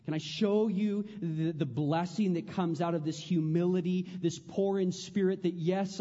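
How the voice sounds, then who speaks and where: A pastor, a man, preaches with earnest repetition, his mellow voice sitting fairly high and sinking to a hush when he prays. The sound is dull, with a long echo from a big church hall. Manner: earnest, repeats phrases, drops to a hush on prayers. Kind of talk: sermon.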